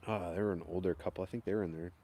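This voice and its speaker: Young new man, deep voice, rambling live chat. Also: steady tone, very fast, mellow, slight background noise. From upstate New York. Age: young adult. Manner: rambling and laid-back, chuckles often. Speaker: chainsaw carver hosting a live stream. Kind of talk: casual live-stream chat.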